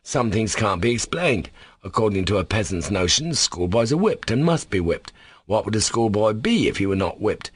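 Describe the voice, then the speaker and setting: A man voicing a cocky, quick-witted schoolboy who talks in a lofty, teasing way in an audiobook reading. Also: fairly low pitch, very animated, husky, no echo. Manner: lofty, teasing, clipped and sure of himself.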